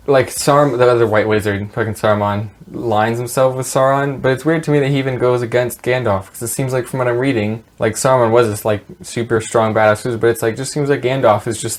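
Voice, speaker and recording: A man co-hosting a podcast in casual chat, rambling and swearing as he retells stories with laughs. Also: mid-range voice. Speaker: podcast co-host. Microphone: podcast mic.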